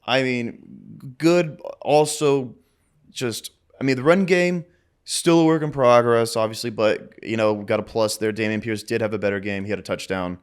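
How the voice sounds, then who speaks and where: A man's voice: medium pitch, moderate pace, smooth. Brash young man talking sports trash. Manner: brash, profane trash talk. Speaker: podcast co-host. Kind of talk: casual sports chat.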